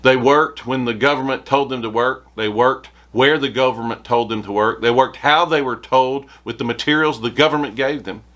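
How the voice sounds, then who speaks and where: A male preacher delivers a short devotional in an earnest, steady voice of middling pitch. He reads scripture aloud and lifts his voice for emphasis on key words. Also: normal speed, hardly any pauses. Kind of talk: sermon.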